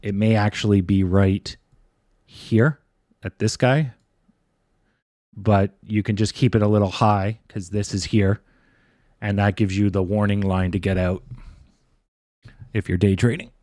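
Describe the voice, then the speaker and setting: Man, low voice, dry close mic, casual rambling streamer. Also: steady tone, measured pace, pauses often, a little mellow, no room sound. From Canada. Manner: casual, rambling, thinking aloud with restarts. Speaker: stock trading streamer. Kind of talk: live stream chart commentary.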